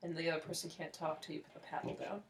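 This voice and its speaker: A woman with a lowish voice chats casually as a podcast co-host. She trails off mid-thought and keeps circling back to the point she wanted to make. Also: steady tone, rapid-fire. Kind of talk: casual chat.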